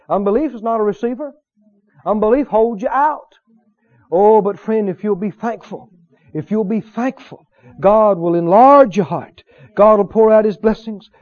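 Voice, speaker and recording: A man from Mississippi, preaching a sermon in a fervent, repetitive way that climbs into shouts of praise. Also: high-pitched, lo-fi sound.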